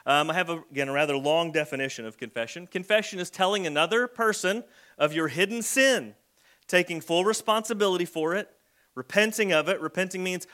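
Bright high-voiced male pastor. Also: brisk. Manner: conversational storytelling with acted kid voices. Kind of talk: sermon.

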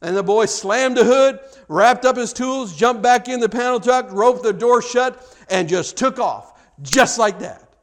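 A man preaching a sermon, telling a story with acted-out dialogue and frequent stammered repeats. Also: sits high.

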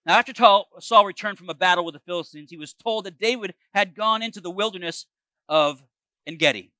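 A man preaching, retelling a Bible story in an animated way with joking asides to the listeners. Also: high-pitched, brisk, no room sound. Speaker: pastor.

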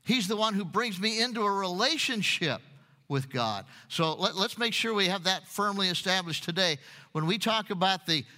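Bright-voiced preacher with churchy reverb. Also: male voice, high voice, lively intonation, moderate pace. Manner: repeats words, asks the congregation questions. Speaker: pastor. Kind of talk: sermon.

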